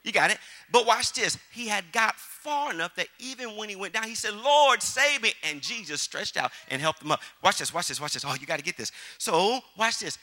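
A man preaching a sermon as pastor, calling out to the congregation with "you got it?" and swinging between loud exhortation and quiet storytelling. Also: sits high, lively intonation, brisk, few pauses. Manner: call-and-response preaching, frequent "you got it?". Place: church sanctuary with congregation.

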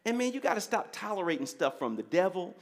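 A man's voice: high voice, very animated, fast. A male pastor, preaching a sermon and checking in with the congregation again and again. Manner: preacher's call-and-response, repeating "you got it?"; swings between quiet asides and loud exhortation.

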